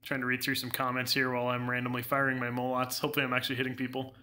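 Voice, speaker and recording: A young man streaming gameplay live with a very bright, sharp voice at a middling pitch. He rambles, restarts his sentences and laughs often as he reads chat. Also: completely flat delivery, very fast. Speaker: game streamer. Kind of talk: casual live gameplay commentary.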